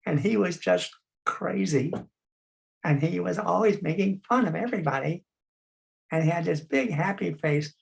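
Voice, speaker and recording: A gravelly voice on the high side belongs to an older man guiding a group through playful clown-face exercises by video call. As he teaches, he coaxes the participants and shows them how to sigh and growl.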